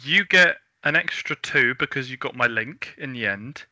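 A man co-hosting a podcast, chatting casually and teasing his co-host with deadpan jokes. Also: mid-range voice, moderate pace, no room sound. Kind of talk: casual chat.

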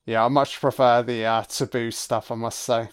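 A man's voice: medium pitch, flat delivery, normal speed, smooth. A man giving a casual, profane and sarcastic film commentary as host.

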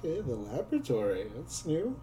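A woman's voice: low voice, wildly swooping pitch, fairly quick, dark tone, a little hiss or hum. A woman playing in a tabletop role-play, hesitant and full of fillers. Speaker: player.

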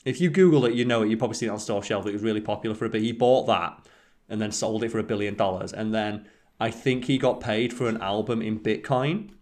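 A man's voice: fairly low pitch, fast, a little mellow. A man co-hosting a podcast, chatting casually, swearing freely and telling rambling stories. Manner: rambling storyteller, swears freely, mimics people in quotes. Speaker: podcast co-host. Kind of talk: casual chat.

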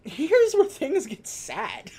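A podcast co-host in casual chat, retelling a movie's scenes and slipping into quick character voices for the lines. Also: high voice, huge pitch swings, a little mellow.

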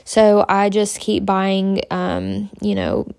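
A woman's voice: medium pitch, level tone, slow, vocal fry, darkish tone, clear, resonant tone, no room sound, clean studio sound. A young pregnant woman, hosting a podcast and chatting candidly in a rambling, casual way. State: pregnant, about twenty-two weeks. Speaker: podcast host.

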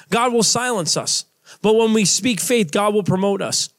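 Young male preacher, high voice, loose conversational delivery with lots of fillers. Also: normal speed, fairly bright tone. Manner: casual, conversational preaching with many fillers and restarts. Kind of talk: sermon.

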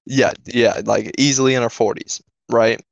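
Brief: man co-hosting a podcast, rambling and profane, with a gravelly voice in a muffled lo-fi recording. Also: medium pitch, steady tone, moderate pace, dry recording. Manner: profane, filler-heavy, keeps asking "right?". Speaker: podcast co-host. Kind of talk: casual storytelling. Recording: dull lo-fi dry recording.

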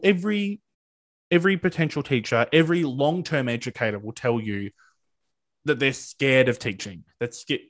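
Young aussie guy in an interview, eager and earnest, lots of restarts, middle pitch. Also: fairly bright tone. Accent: Australian. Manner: earnest and enthusiastic, with frequent restarts. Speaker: interviewee, student teacher. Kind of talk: casual interview answer.

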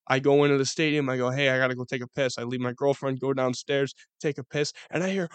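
A young man with a Western New York accent giving casual, profane sports commentary as a podcast host, rambling and excitable. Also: medium pitch, fast, clean tone, no room sound.

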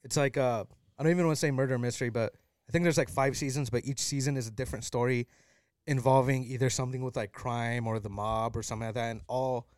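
A man's voice: mid-range voice, fairly even intonation, fast talker, darkish tone, clean tone, no room sound, clean studio sound. A man in casual podcast chat, telling rambling stories and laughing as he goes.

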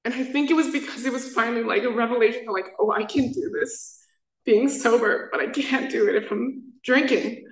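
A woman's voice: on the high side, fairly quick, hardly any pauses, reverberant, rough recording. A woman in her twenties giving a personal recovery share as main speaker, rambling and packing her talk with "like" fillers. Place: meeting room.

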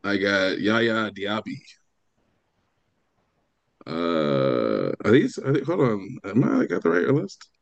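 A man co-hosting a casual sports podcast, rambling and laughing often, with many halting restarts. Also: lowish voice, sing-song, gravelly, no room sound, lo-fi sound. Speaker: co-host.

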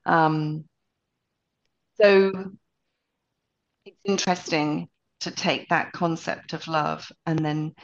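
Woman co-host, deep and unhurried, reflective and measured, dull lo-fi sound. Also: fairly even intonation. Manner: thoughtful, measured, hesitant with ums. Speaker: podcast co-host. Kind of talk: casual reflective chat. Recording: dull lo-fi podcast audio.

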